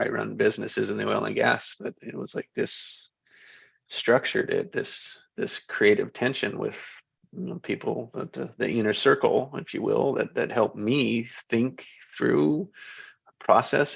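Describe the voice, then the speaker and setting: A man's voice: lowish voice, fairly even intonation, a little slow, vocal fry, breathy edge, no room sound, muffled recording. A man who organizes a group, talking in a rambling, enthusiastic way and repeating himself. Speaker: group organizer, business owner. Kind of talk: casual group chat.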